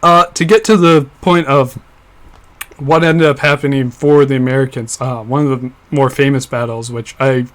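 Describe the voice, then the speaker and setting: A man's voice: medium pitch, steady tone, moderate pace. A young man co-hosting a casual history podcast, explaining events at length with frequent fillers and restarts. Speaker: podcast co-host.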